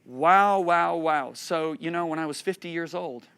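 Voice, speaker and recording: A man in his fifties preaching a sermon, telling stories with animated delivery and frequent laughter. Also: a little high, unhurried, vocal fry, clear, resonant tone. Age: 50s. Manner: animated storytelling, laughing between points.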